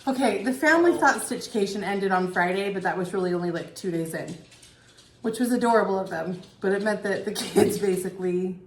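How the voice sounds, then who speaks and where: A woman's voice: medium pitch, brisk. A woman in her thirties co-hosting a stitching show, chatting casually and telling stories with lots of laughter. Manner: chatty, laughing, animated storytelling. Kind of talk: casual chat. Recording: echoey room, faint noise.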